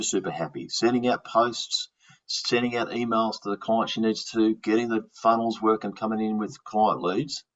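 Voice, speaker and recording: A man's voice: lowish voice, fairly bright tone. A man with an Australian accent, hosting a podcast and chatting casually, often restarting his words. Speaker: podcast host. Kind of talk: casual interview chat. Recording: dull lo-fi sound.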